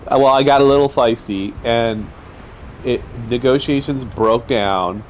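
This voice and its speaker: A man's voice: mid-range voice, unhurried, low-quality recording. Casual male co-host, rambling and profane, light background noise. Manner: rambling, swearing storyteller. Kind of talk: casual gameplay chat.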